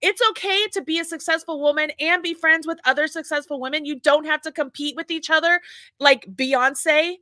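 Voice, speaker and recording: Middle-aged female co-host, high bright voice, dry close mic, gushing and repetitive. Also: steady tone, normal speed, no room sound. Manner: gushing, enthusiastic, repeats phrases. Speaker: podcast host. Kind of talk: casual chat.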